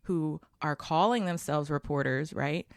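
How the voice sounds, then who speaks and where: A woman's voice: sits low, measured pace, creaky, no echo, studio quality. A woman hosting a podcast interview in casual chat, talkative and laughing often. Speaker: podcast host.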